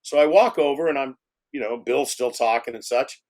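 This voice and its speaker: A man, a film director, telling animated anecdotes in a casual interview, swearing freely and acting out other people's voices. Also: mid-range voice, normal speed.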